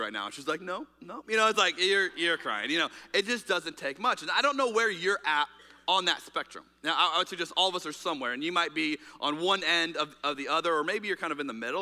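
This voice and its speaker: A man gives a sermon as pastor in a church auditorium with a reverberant, hall-like sound. His high voice comes across pushed and bright, and his delivery is candid and conversational, with fillers and restarts.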